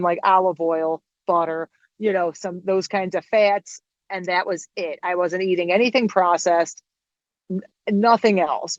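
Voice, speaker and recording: A woman's voice: lowish voice, no echo, dull audio. A woman guest in an interview, telling a long story in casual, rambling speech and acting out the dialogue. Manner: rambling, animated, acts out quoted dialogue.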